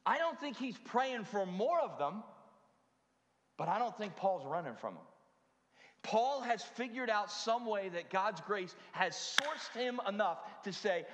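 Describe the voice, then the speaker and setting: A man's voice: sits high, big pitch swings, a little slow, fairly bright tone, a little hiss or hum. A man preaching a sermon in a conversational way, with frequent asides to the congregation. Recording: long hall reverb.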